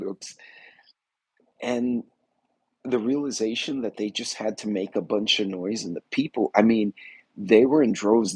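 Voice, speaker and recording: A man's voice: on the low side, a little mellow, husky, dry recording, low-quality recording. A man hosting a casual livestream, rambling through a story, greeting chat viewers and acting out what people said. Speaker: livestream host.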